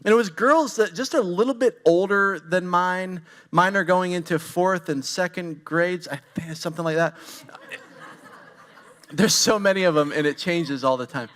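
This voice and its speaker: High-voiced man in his forties preaching. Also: normal speed, fairly bright tone. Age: 40s. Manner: candid, storytelling, talks straight to the congregation. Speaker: pastor. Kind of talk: conversational sermon.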